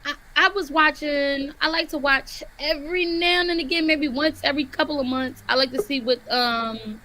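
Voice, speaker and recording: A woman hosting a casual livestream chat, asking guests questions and pausing on fillers. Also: high voice, fairly even intonation, bright, forceful tone, a little hiss or hum, rough recording. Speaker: host.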